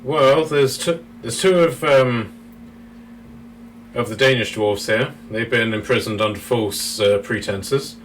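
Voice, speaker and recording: Casual laughing game master. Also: male voice, mid-range voice, takes it slowly, fairly bright tone. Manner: casual, laughing, thinking aloud. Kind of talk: running a tabletop game. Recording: distant mic, faint noise.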